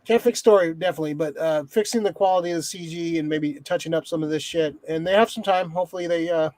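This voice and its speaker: A man's voice: on the high side, fast, a little mellow, no room sound. A man co-hosting a casual podcast, rambling and swearing a lot, restarting his sentences often. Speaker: podcast co-host. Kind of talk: casual chat.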